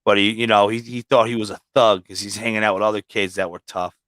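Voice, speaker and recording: A man's voice: on the low side, steady tone, fast talker, a bit bright, no room sound. A man who is a guest on a livestream, telling long rambling stories full of swearing in a casual way. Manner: rambling, heavily profane storytelling. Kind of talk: casual storytelling.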